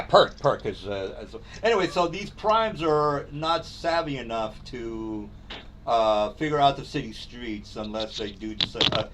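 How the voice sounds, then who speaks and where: Man, dungeon master, rambling with fillers and restarts, mid pitch, faint background hiss. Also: a bit bright. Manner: rambling, many ums and restarts. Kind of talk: narrating a tabletop game.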